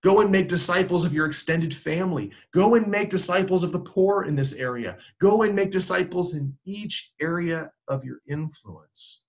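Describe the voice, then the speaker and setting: A man's voice: high voice, normal speed, few pauses. A man, a pastor, preaching a sermon with emphatic, repetitive exhortations.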